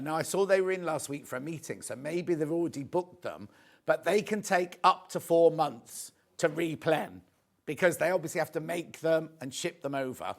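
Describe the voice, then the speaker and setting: A man hosts a live shopping show, rambling and chatty as he pokes fun at himself. His voice sits fairly high for a man. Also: a bit bright. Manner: chatty, rambling, self-mocking. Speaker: shopping channel presenter. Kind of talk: live home shopping sales chat.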